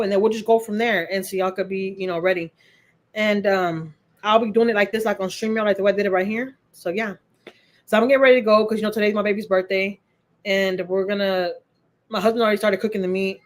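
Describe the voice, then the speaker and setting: A middle-aged woman, hosting a casual livestream from home, chatting with viewers in a heartfelt way and repeating phrases for emphasis. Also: mid-range voice. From Texas. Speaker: livestream host. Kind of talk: casual livestream chat answering viewer comments.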